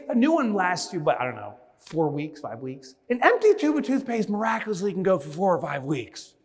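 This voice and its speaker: A man giving a conference keynote, telling a story with lively acted-out asides before moving on to business advice. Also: fairly high pitch. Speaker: keynote speaker. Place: large conference hall. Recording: reverberant hall.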